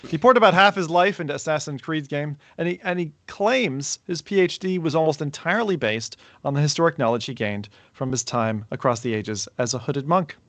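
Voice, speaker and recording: A man with a slightly raised pitch hosts a casual podcast chat. He jokes his way through introductions and housekeeping. The sound is very dry and close. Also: a little fast, hardly any pauses, fairly bright tone, no room sound. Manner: joking, playful introductions. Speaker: podcast host. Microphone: remote call setup.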